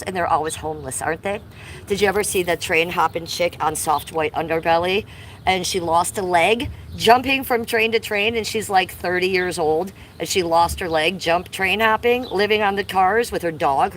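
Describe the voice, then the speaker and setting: A woman's voice: mid-range voice, a bit bright, a little hiss or hum, low-quality recording. A woman with a Cleveland accent chatting on a casual livestream outdoors, a little out of breath from biking, reading chat comments aloud. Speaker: livestream host. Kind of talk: casual live-stream chat. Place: outdoors by an old church. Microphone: chest-harness phone.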